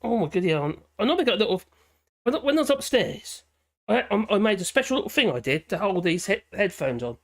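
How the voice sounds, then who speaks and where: Giggly hoarse man. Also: high-pitched, sing-song, quick pace, a bit bright. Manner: giggly, rambling, cheeky. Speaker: livestream host. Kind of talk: casual live-stream chat. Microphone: headphones with a small speaker.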